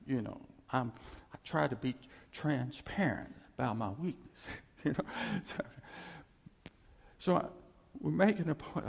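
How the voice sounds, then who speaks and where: A man pastor preaching a sermon, emphatic and repetitive, reading scripture slowly. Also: mid-range voice, expressive, gravelly, breathy edge. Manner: emphatic, repeats phrases, reads scripture slowly. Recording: echoey hall.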